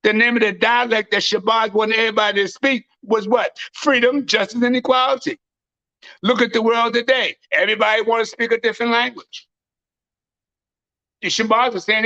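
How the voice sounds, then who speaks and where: A man preaches with hammering emphasis, circling back on his points and breaking into shouts. His voice sits high and sharp with a gravelly edge. The recording is dry and dull, with a lo-fi sound. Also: fairly quick, no echo. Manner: emphatic, repetitive, bursts into shouting. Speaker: self-styled high priest preacher. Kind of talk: fiery street-style preaching.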